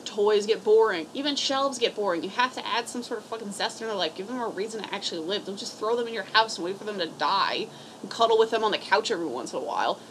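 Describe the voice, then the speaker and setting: Woman, cat rescue volunteer, casual and blunt, swears a lot, mid pitch, faint hiss behind. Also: fast, poor audio. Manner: blunt, swears freely, rambling. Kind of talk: casual advice talk to camera.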